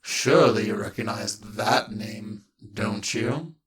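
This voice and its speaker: Vain male robot celebrity, deep and slow-drawn, done by a woman, for a fan audiobook. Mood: theatrical. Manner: slow, drawn-out dramatic delivery.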